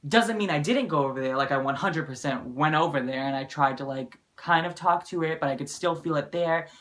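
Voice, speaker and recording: A man's voice: fairly high pitch, brisk, fairly bright tone. A young man vlogging, telling a story in a rambling, emphatic way, filling nearly every phrase with "like" and swearing for emphasis. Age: young adult. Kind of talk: casual storytelling to camera.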